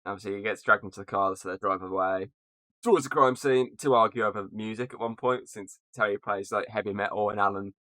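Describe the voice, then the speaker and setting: A man's voice: lowish voice, a little fast, sharp tone, no room sound. A man hosting a casual podcast, recapping a film's plot and laughing often. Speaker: podcast host recapping a film. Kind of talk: casual chat.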